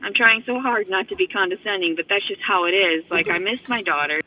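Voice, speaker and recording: A woman's voice: mid-range voice, fairly quick, slight background noise. Woman vlogger, profane rambling rant, slightly out of breath, thin phone-line audio. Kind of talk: rambling monologue to camera. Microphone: phone camera.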